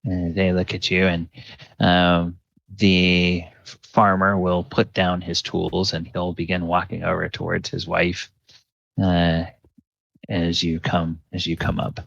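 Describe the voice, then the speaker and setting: A man narrating a tabletop game as game master, halting with many fillers. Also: deep voice, completely flat delivery, vocal fry, fairly bright tone, dry recording, dull audio.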